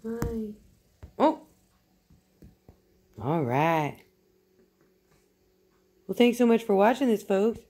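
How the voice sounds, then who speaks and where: A woman's voice: medium pitch, sing-song, slow, long pauses, mellow. A woman hosting a home pet vlog indoors, talking in sing-song baby talk to a cat and laughing often. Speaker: vlog host. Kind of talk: casual chat, cooing to pets.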